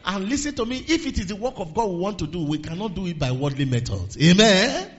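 A man preaching a sermon, swinging from low murmurs to raised exhortations and quoting scripture in old-fashioned phrasing. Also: sing-song, fast, a bit bright, dull audio. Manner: quotes scripture in King James phrasing.

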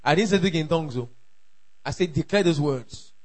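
A man preaching a sermon, emphatic and repetitive, calling out declarations and shouting at the peaks. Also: fairly high pitch, animated, brisk. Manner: emphatic, repeats lines for the crowd to echo, shouts at peaks. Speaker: pastor.

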